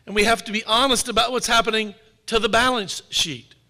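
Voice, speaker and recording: Man, author giving a talk, high bright voice, wry storyteller, long hall reverb. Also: fairly even intonation, brisk. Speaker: author and speaker. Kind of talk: public talk to an audience.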